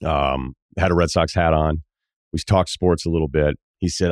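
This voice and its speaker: A man's voice: a bass voice, normal speed, dry recording, clean studio sound. A man hosting a podcast, telling a casual travel story and acting out the other people's lines in shifting voices. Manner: animated, acts out quoted dialogue in shifting voices. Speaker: podcast host.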